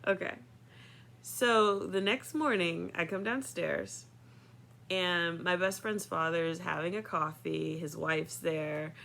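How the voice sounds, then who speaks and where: A woman's voice: on the low side, takes it slowly, creaky, a bit bright. A woman in her thirties telling a personal story in a chatty way, full of fillers, often laughing. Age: 30s.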